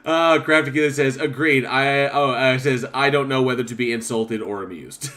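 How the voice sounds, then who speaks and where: A man's voice: medium pitch, moderate pace, sharp tone. A man hosting a casual podcast, reading viewer comments aloud with frequent laughter. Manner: reads chat comments aloud, laughs often. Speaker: podcast host. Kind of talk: casual chat.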